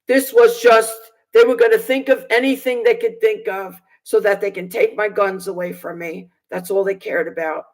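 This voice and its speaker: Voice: medium pitch, steady tone, moderate pace, hardly any pauses, rough recording. A Bible teacher on a video channel telling a personal testimony, indignant and hesitant, with many fillers and restarts. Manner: aggrieved, indignant.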